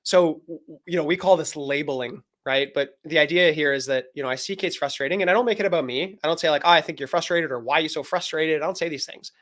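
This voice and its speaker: A man's voice: fairly high pitch, fast, hardly any pauses, fairly bright tone. A man, a men's coach and guest, explaining earnestly in a live video-call interview and acting out bits of dialogue.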